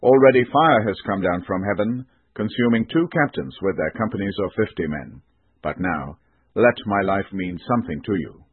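Desperate pleading captain read by a man, husky, low, dry tinny sound. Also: animated, normal speed, no room sound. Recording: tinny band-limited recording.

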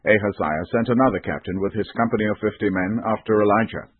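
Male scripture reader, low husky voice, solemn, dry tinny lo-fi sound. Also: fast talker, dry recording. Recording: tinny band-limited recording.

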